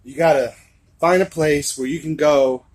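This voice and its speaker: A young man with a raspy voice, talking earnestly and rambling to camera in a confessional vlog. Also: fairly high pitch, fairly even intonation, moderate pace. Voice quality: raspy from screaming. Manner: earnest, rambling, swings from shouting to laughing to soft musing. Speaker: vlogger.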